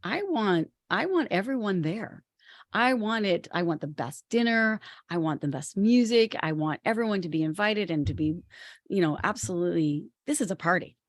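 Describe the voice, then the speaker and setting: A woman's voice: on the low side, expressive, normal speed, no echo. A woman voicing a hideous old hag who drawls and bosses people around, told as part of a spoken story. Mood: demanding. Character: hideous old female hag, bossy and demanding.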